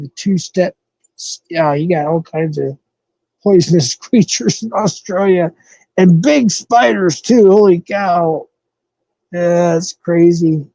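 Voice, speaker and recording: A man from the American Southwest with a mellow voice on the high side hosts a casual live stream, captured on a dry, low-quality recording. He rambles loosely with viewers, thinking aloud through fillers and self-corrections.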